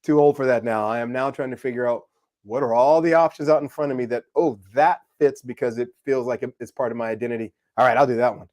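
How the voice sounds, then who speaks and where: A man from California telling a story in a casual live discussion, animated and acting out voices. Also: medium pitch, quick pace. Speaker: co-host.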